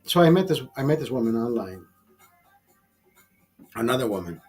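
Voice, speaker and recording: A man's voice: medium pitch, sing-song, moderate pace, husky, soft background music. A man hosting a livestream, telling a crude, bitter story with heavy swearing. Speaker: livestream host. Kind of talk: profane storytelling rant.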